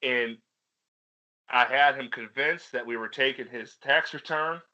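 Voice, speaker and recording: Bright-voiced guy, rambling. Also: medium pitch, a little slow, dull audio. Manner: rambling, profane, laughs at his own stories. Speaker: podcast co-host. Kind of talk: casual storytelling chat.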